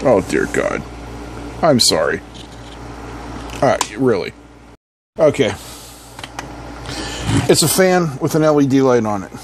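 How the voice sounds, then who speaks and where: A man's voice: mid-range voice, sing-song, slow pace, long pauses, background noise. A man hosting an electronics teardown, talking casually with wry, sarcastic asides and little hums. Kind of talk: casual hands-on teardown commentary.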